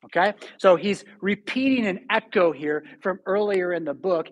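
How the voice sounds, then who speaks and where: A middle-aged man preaching a sermon as pastor, telling stories with sudden loud and soft swings. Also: high voice, normal speed, hardly any pauses. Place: church sanctuary.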